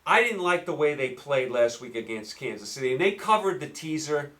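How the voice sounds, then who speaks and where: A man with a New York accent hosting a solo football picks show, rambling and animated, firing rhetorical questions at listeners. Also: on the high side, a little fast. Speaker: sports betting podcast host. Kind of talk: solo sports picks talk.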